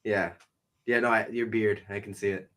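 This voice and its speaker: Hosting a casual chat interview on his podcast, this young man from the Boston area of New England jokes, rambles and swears freely with his guest. He speaks at a normal speed in a flat delivery, his voice on the low side but fairly bright in tone.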